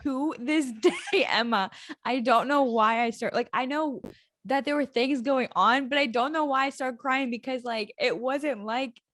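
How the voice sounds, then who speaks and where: A young woman co-hosting a podcast, telling stories in a giggly, animated way. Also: high-pitched, a little slow, no room sound. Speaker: podcast co-host. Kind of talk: casual chat.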